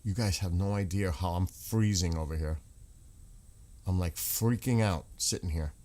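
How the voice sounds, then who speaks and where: A man with a low voice hosts a casual livestream. He reads viewer comments aloud and answers them as he searches websites. He talks into a desk microphone. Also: normal speed, dark tone. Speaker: livestream host reading chat.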